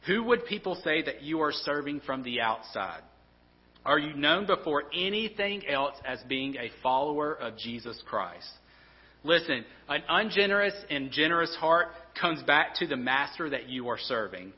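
A man's voice: fairly high pitch, expressive, normal speed. An earnest male pastor delivering a sermon, often tripping over and repeating his words. His voice carries a long reverb, as if from a large hall. The sound is slightly dull and muffled.

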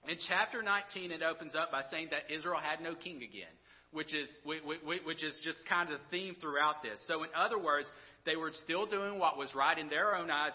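A man's voice: fairly high pitch, lo-fi sound. A man teaching a casual Bible lesson, retelling the story in his own words with many stammers and repeated words. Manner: stammering, repeats words, voices characters informally.

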